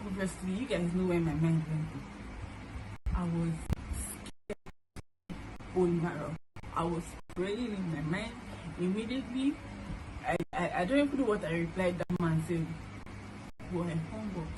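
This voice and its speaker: A young woman in her twenties with a Nigerian accent, telling a personal family story to the camera in a halting, earnest way with many restarts. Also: fairly low pitch. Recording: noisy room ambience.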